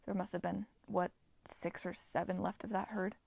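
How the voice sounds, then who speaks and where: A gloomy teenage boy mutters in a low, deadpan way, as a woman narrator puts him on. The sound is dry and close. It is an audiobook reading. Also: moderate pace, gravelly, dry recording.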